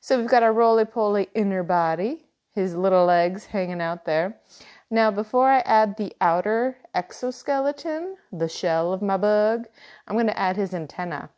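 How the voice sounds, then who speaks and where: A woman teaching a step-by-step cartoon drawing lesson, gently guiding through each line. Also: medium pitch, expressive, normal speed, dull audio. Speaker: art teacher. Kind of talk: drawing tutorial.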